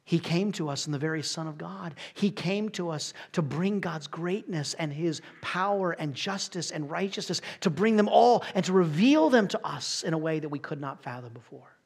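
Breathy, emphatic man preaching. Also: fairly high pitch, lively intonation, normal speed, hardly any pauses. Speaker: pastor. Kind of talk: sermon.

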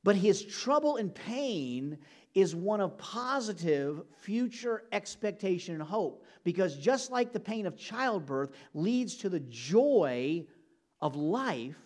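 A man's voice: high voice, big pitch swings, slow. A man preaching a sermon, speaking earnestly and directly to his congregation. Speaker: pastor.

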